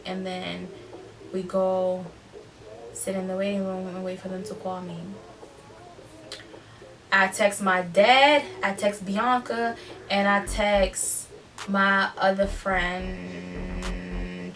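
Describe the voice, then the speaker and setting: Young adult woman vlogger, casual profane storyteller, bright tone, slightly distant mic with soft music behind. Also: medium pitch, unhurried. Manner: candid, profane, animated retelling.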